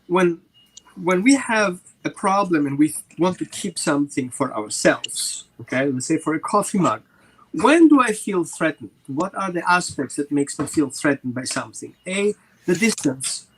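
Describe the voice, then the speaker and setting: A man's voice: fairly high pitch, very animated, moderate pace, breathy edge, low-quality recording. A man, a dog trainer, explaining over a video call and acting out little scenes between dogs and people. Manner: voices the dog and people in quoted asides. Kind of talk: animated explaining with acted examples.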